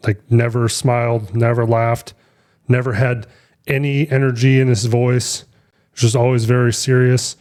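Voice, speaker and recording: A man's voice: medium pitch, little pitch movement, a little slow, darkish tone. Brief: young male podcast co-host, casual and rambling, plenty of ums and restarts, mid-range voice. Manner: rambling storyteller, many fillers and restarts. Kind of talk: casual chat.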